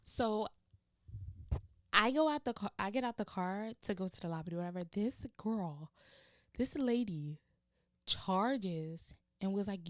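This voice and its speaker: A woman hosting a podcast, telling stories in an animated way and using casual slang. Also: mid-range voice, unhurried, pauses often, no echo, clean studio sound. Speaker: podcast host.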